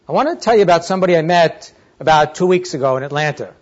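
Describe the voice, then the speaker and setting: A man giving a motivational talk to a live audience, telling a story in a chatty, animated way. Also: on the high side, quick pace. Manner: animated, chatty, acts out dialogue. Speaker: motivational speaker. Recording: dull lo-fi recording.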